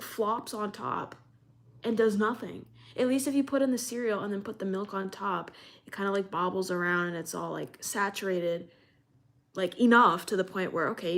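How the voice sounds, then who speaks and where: Young woman from new york yapping to her stream chat, giggly and animated, mid pitch. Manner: animated, laughs often, chatty. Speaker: streamer reading live chat. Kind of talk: casual live-stream chat.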